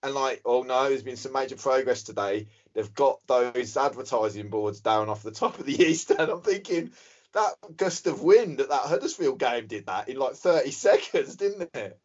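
A man's voice: medium pitch, normal speed, breathy edge. A man, co-hosting a casual football podcast, telling stories and joking. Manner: animated storyteller, joking. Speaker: podcast co-host. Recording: dull lo-fi recording.

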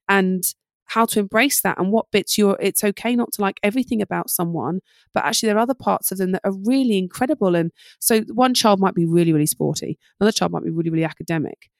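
Brisk middle-aged woman, parenting coach, gravelly, dry close mic. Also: mid-range voice, no room sound. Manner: fast, animated advice with acted-out parent-child dialogue. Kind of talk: podcast interview.

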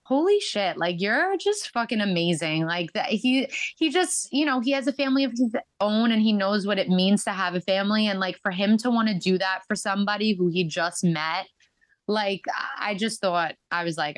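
A woman tells long stories as a podcast guest, chatty and animated, with plenty of fillers. Her voice sits at a middle pitch. The recording is very dry with no room sound. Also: moderate pace, dry recording. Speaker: podcast guest, reality show contestant. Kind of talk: casual storytelling interview.

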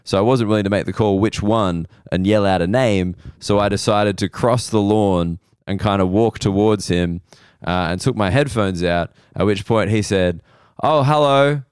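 Australian man, comedian, hoarse, low and smooth, dry close sound, slow rambling stories. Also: fairly even intonation, darkish tone, no room sound. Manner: slow, rambling, self-deprecating storytelling. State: losing his voice. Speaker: comedian podcast host. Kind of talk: casual comedic monologue.

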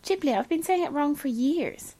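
A woman co-hosting a podcast, chatting casually with quick, teasing reactions. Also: mid-range voice, a bit bright. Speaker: podcast co-host. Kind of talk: casual chat.

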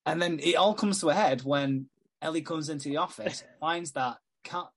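A man's voice: a little high, moderate pace. A man on a casual podcast, swearing often and laughing easily as he retells a soap episode and acts out its characters' lines. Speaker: podcast host. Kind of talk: casual chat, recapping a soap.

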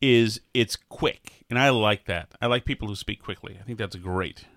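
A man's voice: fairly low pitch, normal speed, a bit bright, no room sound, clean studio sound. A man hosting a casual talk show, grumbling and sardonic, with mock outrage. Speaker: radio show host.

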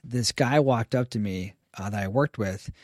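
As a podcast guest, this stay-at-home father tells animated stories in casual conversation, performing the voices of the people he quotes. He speaks at a moderate pace with a fairly low pitch, and the studio recording is clean with no echo.

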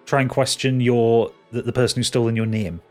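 Halting man running a tabletop game. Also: mid-range voice, steady tone, darkish tone, soft background music. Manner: halting, many restarts and fillers. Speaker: game master.

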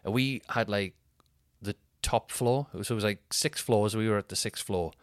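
A man in his thirties, a comedian hosting a podcast, telling a rambling, sweary, animated anecdote. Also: lowish voice, normal speed, no echo, studio quality. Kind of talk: casual storytelling.

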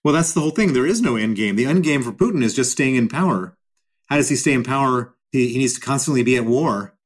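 A man's voice: medium pitch, animated, fast. A middle-aged man answering interview questions in a blunt, emphatic way, repeating phrases for stress. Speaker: guest.

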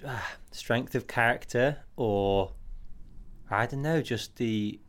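A man's voice: mid-range voice, takes it slowly, fairly bright tone. A man hosting a podcast, reacting and musing in a hesitant, reflective way. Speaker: podcast host. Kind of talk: casual interview.

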